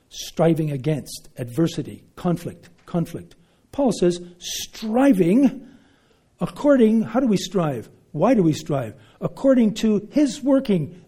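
A man preaching a sermon, emphatic, swinging between loud declarations and hushed asides. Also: high voice.

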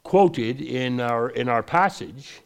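A man with a gravelly, fry-laden voice leads a Bible lesson. He reads the verses slowly and deliberately, then drops into quick, easygoing explanations. His pitch sits in an ordinary middle range. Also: animated. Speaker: preacher. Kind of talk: Bible teaching.

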